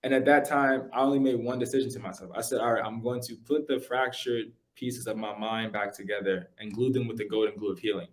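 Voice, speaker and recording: A young man, a podcast guest, casually telling his story in animated, slangy speech full of "like" and "yo". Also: on the low side, a little fast, few pauses.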